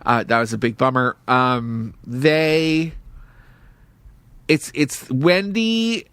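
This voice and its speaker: A man's voice: medium pitch, steady tone, slow, fairly bright tone, smooth, no echo. A man co-hosting a podcast, chatting casually and telling rambling, enthusiastic stories. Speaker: podcast co-host. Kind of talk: casual chat.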